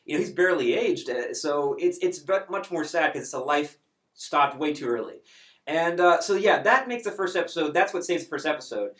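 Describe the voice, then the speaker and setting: A man chatting casually as a reviewer, animated and emotional, with many fillers. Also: a little high, a little fast, echoey room.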